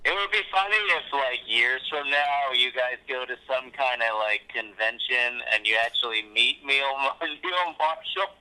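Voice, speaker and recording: A man's voice: mid-range voice, animated, a little slow, few pauses, sharp tone, clear, resonant tone, poor audio. A man co-hosting a podcast in casual chat, hesitant and wry, with many fillers. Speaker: podcast co-host.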